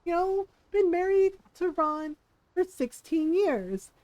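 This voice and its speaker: A woman's voice: extremely high pitch, lively intonation, slow, a little mellow, dry recording. A middle-aged woman streaming a game, chatting casually in a rambling, self-deprecating way and laughing often.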